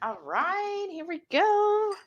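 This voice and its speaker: A woman co-hosting a cooking livestream from a home kitchen, chatty and excitable, bantering as she cooks. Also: extremely high pitch, takes it slowly, highs cut off. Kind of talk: casual livestream cooking chat.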